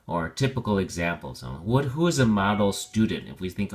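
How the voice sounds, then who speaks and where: A man's voice: on the low side, big pitch swings. A man teaching a vocabulary lesson, patiently spelling out pronunciation and meaning with everyday examples. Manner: patient, explains slowly with examples.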